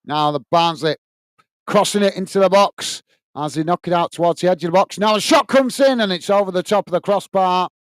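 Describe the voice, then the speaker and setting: A man from England with a high, smooth, clear voice calls a football match for a live fan stream. He reads viewer comments aloud between passages of play and cheers on his side. The sound is close and dry, with no room around it. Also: brisk, a bit bright, no room sound. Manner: chatty, reads out viewer comments, partisan for his own team. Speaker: watch-along host and commentator.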